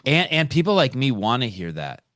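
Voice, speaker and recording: A man's voice: medium pitch, big pitch swings, a little fast, a bit bright, no room sound, clean studio sound. A man in his fifties hosting a podcast, telling stories bluntly and swearing often in casual interview chat. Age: 50s. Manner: profane, blunt storytelling. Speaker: podcast host.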